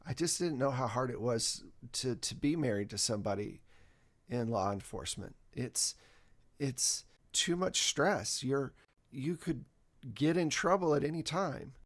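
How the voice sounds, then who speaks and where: A paranoid, agitated husband who presses his point and curses, played by a man in his own voice. His pitch is medium and his tone is plain. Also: a little slow, natural voice. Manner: anxious, insistent, swears.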